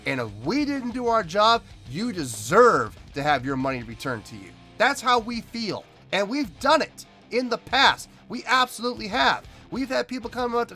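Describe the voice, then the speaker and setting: A man's voice: high-pitched, pushed and bright. A man hosting a music reaction video, talking emphatically and repeating himself as he rants.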